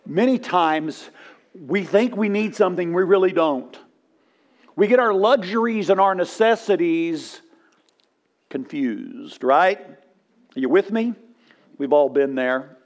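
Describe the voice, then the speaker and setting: A male pastor delivers a sermon with a voice pitched a little above most men's. He tells humorous stories, building to loud punchlines. He often checks in with his listeners for a response. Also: slow, pauses often. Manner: asks congregation for responses.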